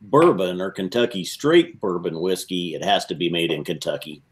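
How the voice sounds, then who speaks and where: A man's voice: low voice, moderate pace. A man hosting a casual whiskey chat, explaining things in a matter-of-fact way. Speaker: whisky show host.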